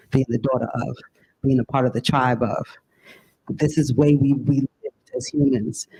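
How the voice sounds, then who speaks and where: A man speaking as a panelist, answering in an earnest, lecturing, deliberate way. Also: medium pitch, vocal fry, mellow, breathy edge, rough recording.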